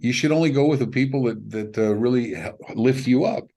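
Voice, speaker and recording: A middle-aged man, a film director, telling stories in a casual interview, acting out the people he quotes. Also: brisk. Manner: animated, acts out quoted voices with big pitch jumps, laughs.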